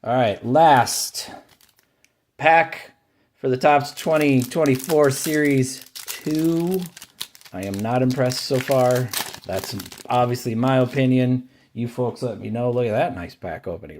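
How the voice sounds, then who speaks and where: A slow-talking card-collecting channel host opens packs and calls out the cards one by one, giving dry opinions in casual commentary. His pitch goes up and his tone brightens over favorite-team pulls.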